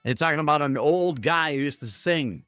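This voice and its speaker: A man with a slightly high voice hosts a loose, unscripted livestream and talks straight to his chat. He is sarcastic and self-mocking and swears freely. The sound is dry and close, with faint music underneath. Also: moderate pace, a bit bright, dry recording. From Canada. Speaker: livestream host. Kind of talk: rambling profane livestream chat.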